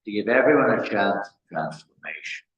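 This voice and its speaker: Low-voiced English man, spiritual teacher, discursive devotional talk; echoey hall recording. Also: expressive, normal speed, muffled recording. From England. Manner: rambling storytelling with repeated phrases. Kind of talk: devotional discourse. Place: temple hall. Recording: echoey hall with faint noise.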